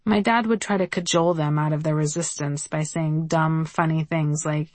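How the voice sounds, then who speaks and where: A woman reads her memoir aloud in a wry, conversational storytelling manner. Her voice sits fairly low. The recording is dry and close, with no room sound. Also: steady tone, moderate pace, few pauses, no room sound. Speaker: memoir narrator. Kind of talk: audiobook memoir reading.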